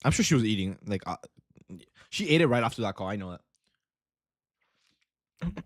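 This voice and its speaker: A young livestream host who day trades tells a rambling, casual story, saying "bro" constantly. His lowish voice swings widely in pitch at a normal speed, recorded in clean studio quality with no echo.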